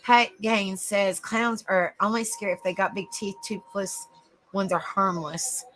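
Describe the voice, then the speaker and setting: Woman, Southern US accent, middle-aged, folksy, laughs a lot, livestream host, casual chat, bright voice. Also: medium pitch, steady tone, unhurried, soft background music. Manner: laughs often, folksy and chatty.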